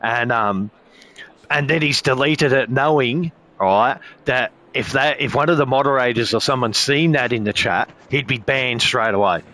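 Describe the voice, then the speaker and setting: A man's voice: mid-range voice, moderate pace, bright, forceful tone. A man chatting casually as a sim racing streamer, rambling with heavy swearing and frequent filler phrases. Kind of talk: casual chat.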